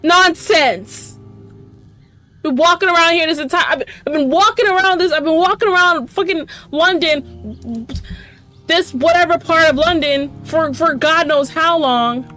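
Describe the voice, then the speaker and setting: A woman hosting a let's play gives gameplay commentary, swearing freely, ranting sarcastically and talking back at the game's characters. Her voice is extremely high, pushed and bright, her pace measured, with soft music in the background.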